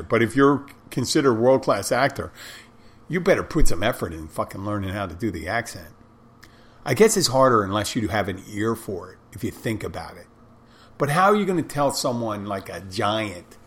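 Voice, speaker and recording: A man's voice: fairly low pitch, fairly bright tone. A man talking casually on his own, rambling with restarts and asides, blunt and sometimes swearing. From United States. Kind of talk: casual monologue.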